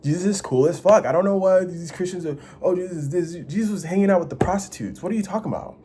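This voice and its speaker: A man's voice: quick pace, noisy background. A man talking straight to the camera in a rambling confessional vlog, swearing freely and restarting his sentences. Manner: rambling, restless, swings between loud bursts and low mutters; profane and self-interrupting. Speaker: vlogger. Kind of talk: casual confessional monologue.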